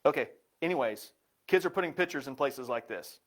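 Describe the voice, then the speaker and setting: A man's voice: medium pitch, expressive, brisk, a bit bright. A man giving a live presentation in an upbeat, joking way.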